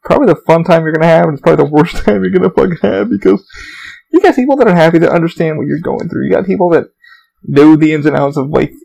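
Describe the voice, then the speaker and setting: A man's voice: fairly high pitch, fast, creaky, dark tone, rough recording. A young man hosting a podcast, telling meandering stories in a casual, profane way. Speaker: podcast host. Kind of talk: rambling casual monologue.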